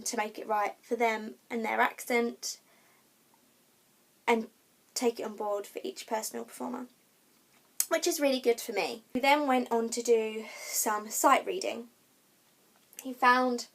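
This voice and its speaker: A young woman vlogger chatting casually to camera, with frequent ums and restarts as she tells her story. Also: fairly high pitch. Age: young adult.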